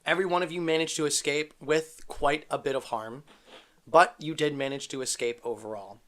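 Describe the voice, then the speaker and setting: A man's voice: on the high side, fairly quick, a bit bright. A man as game master, narrating a tabletop game with dramatic storytelling.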